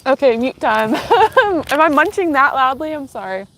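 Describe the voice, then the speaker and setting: A playful woman with a fairly high voice giggles and jokes as she fishes outdoors. Faint background noise sits under her voice. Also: sing-song, normal speed, fairly bright tone. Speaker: streamer's fishing companion. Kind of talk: casual chat while fishing. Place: outdoors by freshwater.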